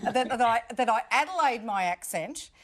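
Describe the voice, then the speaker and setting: A woman's voice: fairly high pitch, expressive. A middle-aged woman host from Queensland with an Australian accent, chatting on the radio in a playful, teasing way. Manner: playful, teasing, quick to laugh. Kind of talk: casual radio chat.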